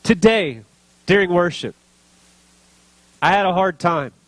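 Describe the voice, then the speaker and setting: A man's voice: sits high, lively intonation, slow, a bit bright, no room sound. A man preaching a sermon as pastor, speaking earnestly and building to emotional intensity.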